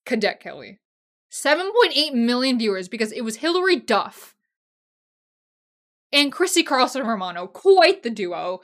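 A young woman hosting a casual solo podcast, gushing and emotional, swinging between loud excited bursts and quiet asides. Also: fairly high pitch, normal speed. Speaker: podcast host.

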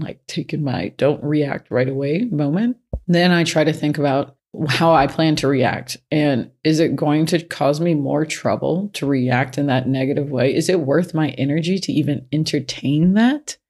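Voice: mid-range voice, moderate pace, a little mellow. Frank plain-spoken advice giver. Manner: plain-spoken, repeats key points for emphasis; frank, speaks from personal experience. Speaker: self-help speaker. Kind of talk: casual advice talk.

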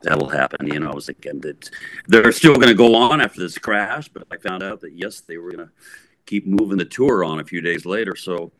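In a laid-back interview, a middle-aged man who is a guest musician tells a lengthy, wandering tale with plenty of animation and restarts. He talks fairly quickly in a low voice, and there's no echo.

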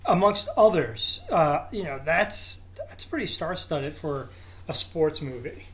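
A man's voice: a little high, animated, measured pace, fairly bright tone. A man with a somewhat raised voice chats casually about films. He sounds openly enthusiastic and unashamedly sentimental about the scenes he loves. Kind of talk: casual chat about movies.

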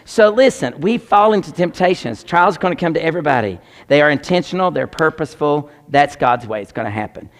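A man preaching a sermon, animated and joking as he talks straight to the congregation. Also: on the high side, brisk, hardly any pauses.

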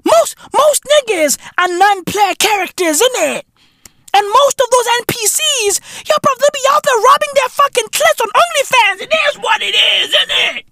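A man putting on a high-pitched mocking roadman. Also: expressive, moderate pace, full character voice. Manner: high, loud, slang-heavy mocking. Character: brash young male TikTok roadman, slangy.

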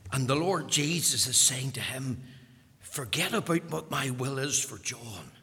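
A man preaching a sermon, emphatic and repetitive, his voice swelling to loud peaks and falling back. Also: medium pitch, lively intonation, unhurried, a little hiss or hum. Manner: emphatic, repeating phrases, rising to loud peaks. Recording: long hall reverb.

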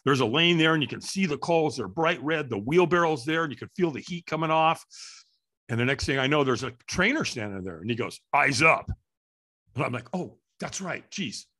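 A middle-aged man, a guest in an interview, telling a story with energy and acting out the voices and shouts of the people in it. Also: on the high side, fast talker. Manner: lively, acts out quoted voices and shouts. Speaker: interview guest, firewalk instructor.

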